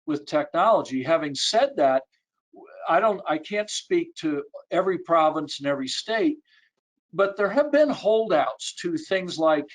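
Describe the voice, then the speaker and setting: Casting: male industry analyst, somewhat high pitch, measured delivery, video call audio. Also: poor audio. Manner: measured, data-citing. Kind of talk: webinar panel talk.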